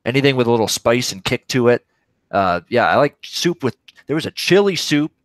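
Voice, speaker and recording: A man's voice: medium pitch, animated, fairly quick, dry recording. A Canadian man hosting a betting livestream, chatting loosely with viewers and reacting to games as they play out. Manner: rambling, reacting live to games. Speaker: sports betting show host. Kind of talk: casual livestream chat reading viewer questions.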